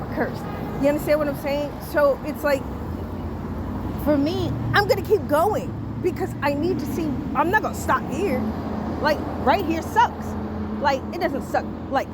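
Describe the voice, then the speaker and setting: A woman's voice: high voice, background noise. A woman hosting a podcast, talking frankly in a casual solo monologue and often asking "you understand?". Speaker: podcast host.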